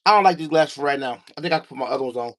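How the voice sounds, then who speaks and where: Racing along in a medium-pitched voice with lively intonation, a man hosts a casual livestream from a basement studio at home. The room sound carries him without a mic as he speaks to his chat and his dog, a little out of breath.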